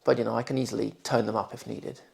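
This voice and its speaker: A man in his forties speaks with a posh southern English accent and a faint gravelly rasp. He pronounces every word with deliberate clarity, whether reading test sentences or answering interview questions. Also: mid-range voice, flat delivery, a little mellow. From London, England. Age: 40s. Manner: careful, clearly pronounced speech.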